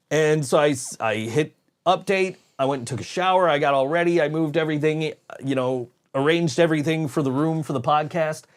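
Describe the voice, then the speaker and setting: A man's voice: on the high side, brisk. Casual swearing podcast host man. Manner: rambling storyteller, frequent swearing and laughs. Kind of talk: casual chat.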